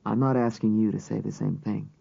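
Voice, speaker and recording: A man playing a low-voiced earnest FBI agent. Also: fairly even intonation, fairly quick, vocal fry, warm tone, breathy edge, no room sound, heavily acted. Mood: tender. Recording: slightly dull audiobook recording.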